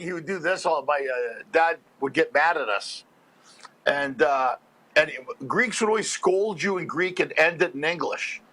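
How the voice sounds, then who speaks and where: A comedian from Montreal phones in and tells animated, rambling stories with frequent laughs. His voice sits high and sounds bright and forceful. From Montreal, Canada. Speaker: stand-up comedian, phone-in guest. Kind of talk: casual storytelling chat.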